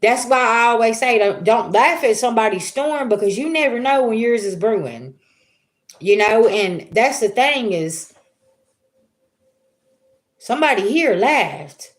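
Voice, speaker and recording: A woman's voice: a little high, lively intonation, a little slow, long pauses. A woman in her thirties, reading tarot on a livestream and telling casual stories with a lot of cussing and laughter, speaking straight to her chat.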